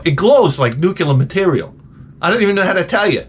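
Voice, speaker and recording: Animated, profane middle-aged male storyteller. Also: on the high side, brisk, slight background noise. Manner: animated, profane, exaggerated complaining. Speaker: comedic host. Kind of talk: comedic storytelling rant.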